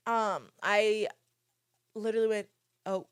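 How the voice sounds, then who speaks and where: A young woman in her twenties hosting a podcast, telling a story in casual chat, animated and swearing freely while she acts out quotes. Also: a little high, measured pace, pauses often, a little hiss or hum. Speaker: podcast host.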